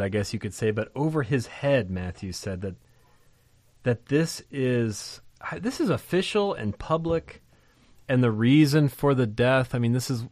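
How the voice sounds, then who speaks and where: A man teaching from a scripture passage in a conversational but emphatic way, often pausing to ask rhetorical questions. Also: medium pitch, a little mellow, no echo. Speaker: Bible teacher.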